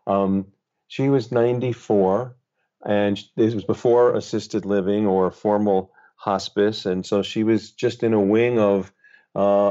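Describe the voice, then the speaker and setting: A middle-aged male author, a guest on an interview, telling a personal story in a gentle, thoughtful, unhurried way. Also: lowish voice. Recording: slightly dull, lo-fi sound.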